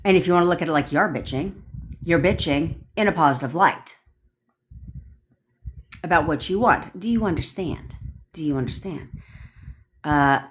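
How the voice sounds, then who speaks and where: A woman's voice: sits low, moderate pace, pauses often. A young woman coaching on a livestream, ranting bluntly with plenty of swearing and answering viewers' comments as they come in. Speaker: manifestation coach. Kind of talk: casual livestream rant. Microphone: phone or webcam on a livestream.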